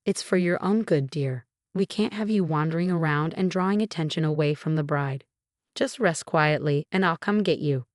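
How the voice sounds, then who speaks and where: Woman reading a condescending older mother-in-law: low, dry, icy, dismissive. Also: animated, moderate pace, dry recording, natural voice. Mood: cold.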